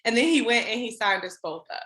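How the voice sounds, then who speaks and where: A woman guest on a podcast, telling her story in casual, animated chat and acting out her past lines. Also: on the high side, brisk, roomy sound.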